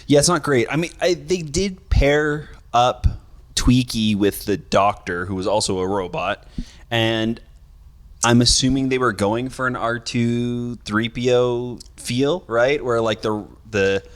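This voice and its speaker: A man with a mid-range voice co-hosting a podcast. He talks in a relaxed, easygoing way. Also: mid-range voice, unhurried. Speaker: podcast co-host. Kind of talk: casual chat.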